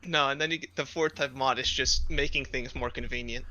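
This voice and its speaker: A man's voice: mid-range voice, steady tone, a little fast, sharp tone. A young man co-hosting a casual gaming podcast, making matter-of-fact remarks and corrections. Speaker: podcast co-host. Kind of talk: casual chat.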